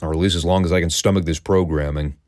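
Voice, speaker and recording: A man's voice: deep voice, steady tone, fast, a little mellow. A man hosting a review podcast, ranting in a sarcastic, profane way. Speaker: podcast host reviewing wrestling.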